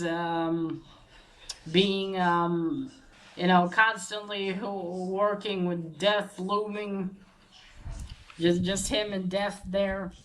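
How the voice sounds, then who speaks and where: A woman casually recapping a comic book plot, halting with many fillers and restarts. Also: fairly low pitch, fairly bright tone, a little hiss or hum, poor audio.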